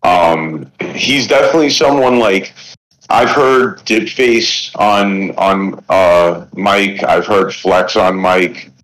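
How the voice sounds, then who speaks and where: Rambling New York man, low voice. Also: takes it slowly, a bit bright, slight background noise, rough recording. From New York (the Bronx). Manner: rambling, profane, many restarts and fillers. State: high. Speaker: podcast guest. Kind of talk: casual chat.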